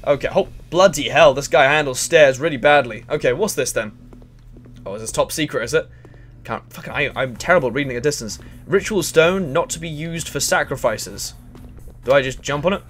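A man giving crude, excitable let's play commentary and chatting to the characters in the game. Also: on the high side, brisk, faint music behind. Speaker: gaming channel host.

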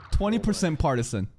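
Excitable, swearing anime reactor. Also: mid-range voice. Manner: excitable, swears often, laughs a lot. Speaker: anime reaction channel host. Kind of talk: casual anime reaction commentary.

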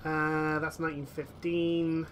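A man's voice: a little high, little pitch movement, a little slow, noisy background. A man playing a strategy game who rambles and corrects himself, with lots of fillers. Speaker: gaming commentator. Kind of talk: strategy game let's play.

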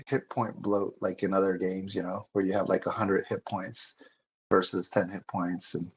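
An easygoing man playing a tabletop game, thinking out loud as he takes his turn. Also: low-pitched, flat delivery, moderate pace, muffled recording, slight background noise. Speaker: player. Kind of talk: casual tabletop game chat.

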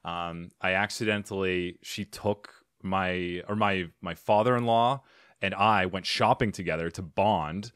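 A chatty male podcast host with a lowish voice, talking casually and poking fun at himself. The sound is dry and close, with no room around it. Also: steady tone, fairly bright tone, clear, resonant tone, dry recording. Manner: chatty, self-deprecating, quick to laugh. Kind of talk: casual interview chat.

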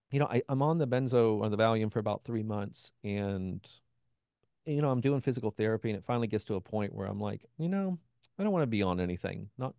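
A man's voice: fairly low pitch, creaky, mellow, dry recording. A man being interviewed as a guest, telling a personal story in a loose conversational way, often acting out what other people said and peppering his speech with "you know.". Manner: acts out quoted voices of others; frequent "you know" and restarts. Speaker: interview guest, benzodiazepine withdrawal expert.

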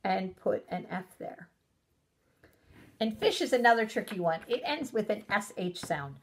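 A woman teaching a recorded phonics lesson to young children, sounding out letters slowly and praising them warmly. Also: mid-range voice, animated. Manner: encouraging, sing-song, sounds out letters slowly. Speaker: preschool teacher.

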